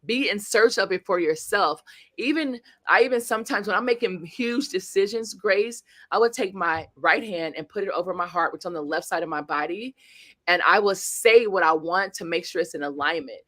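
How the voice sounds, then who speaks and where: Bright, animated woman coach telling stories. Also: medium pitch, moderate pace, no echo. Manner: animated, acts out quotes, addresses audience. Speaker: guest speaker and coach. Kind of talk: storytelling interview.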